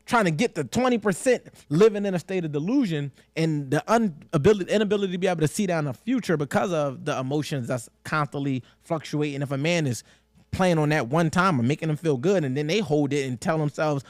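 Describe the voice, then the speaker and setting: A young man talks through a casual podcast in loose, slangy speech. He keeps acting out the people he quotes, and his voice sits fairly high. The sound is close and dry, with no room echo. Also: fast. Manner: animated, slangy, acts out quotes. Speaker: podcast host.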